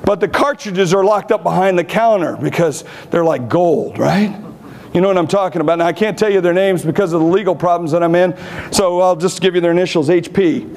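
A man's voice: high-pitched, fairly quick, a little mellow. A man giving a conference keynote, telling blunt, brash stories with humor. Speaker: keynote speaker. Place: conference stage.

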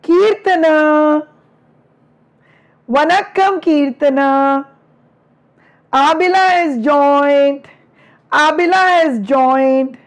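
A middle-aged woman with an Indian English accent chats fondly and teasingly with students in a live online class. She speaks very slowly with long pauses in a high voice, her throat a little strained from lecturing.

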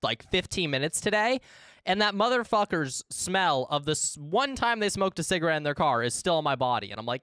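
A man's voice: a little high, sing-song, fairly quick, pushed and bright, smooth, no room sound, studio quality. A man live-streaming a game, chatting casually with his chat in a rambling, profane way.

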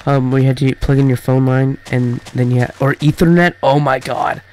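A teenage boy chatting casually over his gameplay, rambling and halting, full of fillers and restarts. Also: medium pitch, fairly even intonation, darkish tone, a little hiss or hum, poor audio. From Canada. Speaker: gaming YouTuber.

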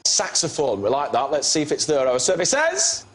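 Lively, teasing male game show host. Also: mid-range voice, quick pace. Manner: jokey, teasing, upbeat. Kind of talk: television game show hosting. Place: television studio with live audience. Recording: loud audience and studio noise.

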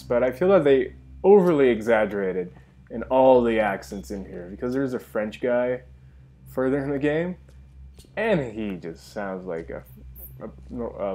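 A man's voice: mid-range voice, darkish tone. Young man rambling over gameplay. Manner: enthusiastic, rambling asides. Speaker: gaming channel host. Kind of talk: let's play commentary.

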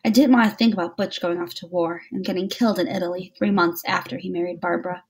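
A woman teacher reading a novel aloud to a class, with steady storytelling. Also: fairly low pitch, fast talker, slightly rough.

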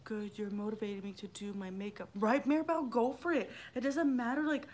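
A woman's voice: on the high side, fairly even intonation, fairly quick. A middle-aged woman rambling casually on a livestream vlog, swearing freely and greeting viewers by name. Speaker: livestream vlogger.

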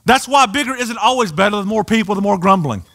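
A man preaching a sermon in a church, animated and acting out the voices of people in the story. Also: high-pitched, fast. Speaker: pastor. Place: church sanctuary.

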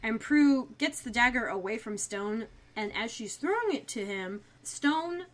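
Podcast co-host, woman, slightly high pitch, lively, quick paraphrases of characters. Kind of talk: casual recap chat.

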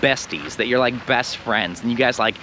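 A man's voice: medium pitch, normal speed, sharp tone, slight background noise. An American man teaching English in a casual video lesson, playful and fond of acting out little scenes.

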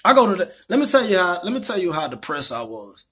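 A man's voice: sits high, sing-song, fast talker, pushed and bright, husky. A young man telling a personal story in a candid, rambling way, full of fillers. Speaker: vlogger.

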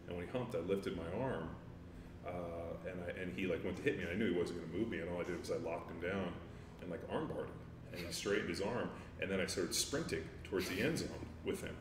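Very deep-voiced man, laid-back and rambling. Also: quick pace, noisy background. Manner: laid-back, rambling, with many fillers and profanity. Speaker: guest, former NFL offensive lineman. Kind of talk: casual interview chat. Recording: roomy, distant mic with faint ambience.

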